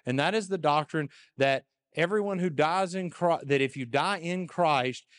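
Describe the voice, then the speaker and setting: A man's voice: on the high side, normal speed. A male pastor preaching a sermon in a conversational, emphatic way, often repeating words. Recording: long echo in a church hall.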